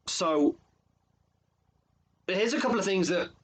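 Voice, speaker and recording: Earnest husky life coach. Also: male voice, sits high, lively intonation, takes it slowly, poor audio. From England. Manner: earnest, emotional, repeats phrases for emphasis. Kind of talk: motivational video monologue.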